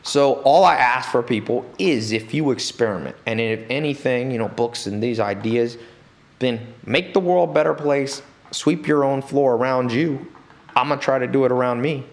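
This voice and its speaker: A man talking as an interview guest in a studio, telling stories in an animated way and acting out the people he quotes. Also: medium pitch, normal speed. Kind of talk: storytelling interview talk.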